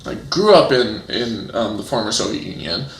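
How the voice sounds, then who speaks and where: A man's voice: fairly low pitch, normal speed. A man, a guest in a casual interview, telling stories with lots of fillers and restarts. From United States. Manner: animated storytelling, many restarts and fillers. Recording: roomy echo.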